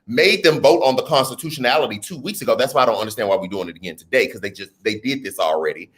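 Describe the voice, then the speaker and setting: A man's voice: medium pitch, a bit bright. A man hosting a casual livestream, reading viewer comments aloud and riffing on them with laughter and slang. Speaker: livestream host.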